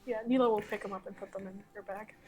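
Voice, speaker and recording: A woman's voice: medium pitch, fairly even intonation, racing. A woman playing a tabletop game who describes her character's actions matter-of-factly. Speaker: player. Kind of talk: tabletop role-play chat.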